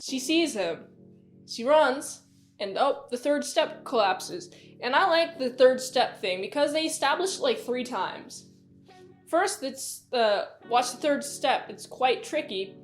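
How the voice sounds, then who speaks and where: Woman, movie reviewer, animated, exclaiming, fairly high voice, faint music behind. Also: takes it slowly. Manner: animated, exclaiming, chatty recap. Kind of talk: casual spoken movie review.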